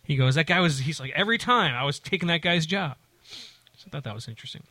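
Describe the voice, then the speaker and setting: A man's voice: fairly high pitch, animated, fast, pushed and bright, no room sound. A man casually telling a long, rambling story, with many restarts and acted-out quotes of other people.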